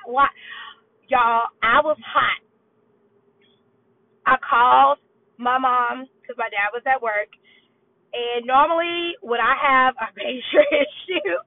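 A woman in her thirties giving an animated personal faith testimony with rambling asides and emphatic near-shouts. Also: on the high side. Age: 30s. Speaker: teacher giving a faith talk. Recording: tinny phone-line sound.

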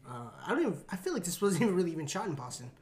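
A man's voice: high-pitched, sing-song, darkish tone. A man co-hosting a casual podcast, riffing wryly about movies. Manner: quick, wry riffing on movies. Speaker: podcast co-host. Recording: echoey room.

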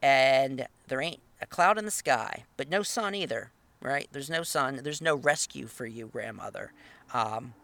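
Bright-voiced man lecturing on a story. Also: lively intonation, a little slow, vocal fry. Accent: Northern US. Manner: conversational, tag questions, reads quotes aloud with lifted pitch. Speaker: literature teacher. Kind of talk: lecture reading and analyzing a short story.

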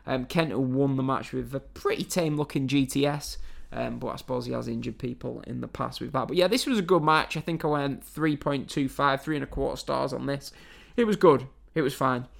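A fairly quick, creaky, medium-pitched male voice belongs to an Englishman casually reviewing wrestling matches. He's blunt and talkative, sprinkling in fillers and some swearing.

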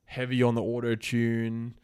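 This man's voice is medium in pitch with a clean tone, and he speaks a little slowly. As a podcast co-host in a casual chat, he rambles in a relaxed way, peppering his talk with fillers.

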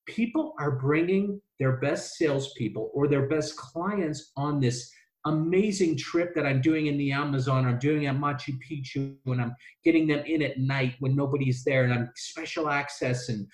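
A man's voice: fairly high pitch, moderate pace, reverberant, low-quality recording. A man telling stories from his work in a casual interview. He rambles, restarts often, says "like" a lot and acts out the voices of people in his stories. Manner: rambling, many restarts and "like" fillers. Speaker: travel business owner telling his story.

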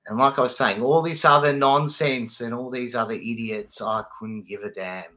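A man's voice: mid-range voice, moderate pace, pushed and bright. A man, a podcast co-host telling stories casually, laughing and swearing freely. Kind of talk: casual chat.

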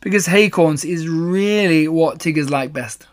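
A man's voice: on the high side, unhurried, natural voice. A man reading a storybook aloud, voicing a bouncy, cheerful young male tiger who talks with boastful confidence.

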